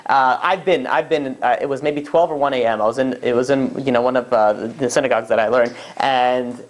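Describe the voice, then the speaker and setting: A rabbi telling a story in a casual, chatty lecture. He is animated, acts out the characters' lines, and throws in asides to his listeners. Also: mid-range voice, a little fast.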